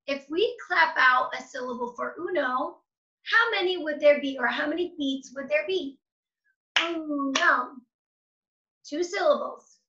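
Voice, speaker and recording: A woman teacher giving a phonics lesson to children, gentle and encouraging, sounding out words slowly. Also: sits high, reverberant, lo-fi sound.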